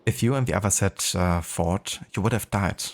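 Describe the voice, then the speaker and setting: German-accented guy reading as a soft-spoken old dad, regretful, really low voice. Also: normal speed. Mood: reflective. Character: older father, gentle and regretful. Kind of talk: reading game dialogue aloud.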